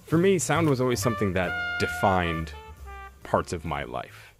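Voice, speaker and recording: A man's voice: sits low, sing-song, normal speed, over music. A man co-hosting a podcast in casual chat, laid-back and joking, with frequent hesitations. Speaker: podcast co-host.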